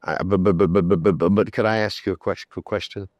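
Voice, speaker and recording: A man's voice: deep voice, steady tone, fast, no room sound, highs cut off, lightly acted. A male preacher voicing a nervous, awestruck young man who stammers over his words. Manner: stammering, breathless.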